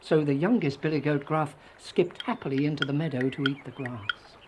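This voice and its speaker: A reader narrating a children's fairy tale in a gentle, storybook telling. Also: medium pitch, normal speed, background noise.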